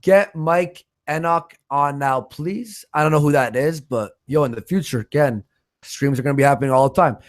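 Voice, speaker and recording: A man hosting a livestream, reading out viewer donations in a loose, profane, joking way. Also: on the high side. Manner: loose and profane, quick laughs. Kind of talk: casual livestream chat.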